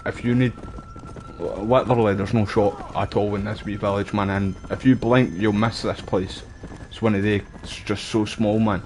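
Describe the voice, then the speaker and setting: A Scottish man with a lowish voice chats casually as he streams a game. He rambles from one story to the next in a relaxed, slangy way, with faint game sounds behind him. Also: moderate pace, slight background noise. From Scotland. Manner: rambling, chatty, uses local slang. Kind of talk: casual gameplay chat.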